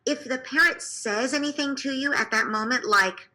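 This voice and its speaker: A woman clinical psychologist explaining parenting to listeners in an animated way, asking them to imagine scenes. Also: high-pitched, normal speed, rough recording. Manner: animated, often acts out quoted speech.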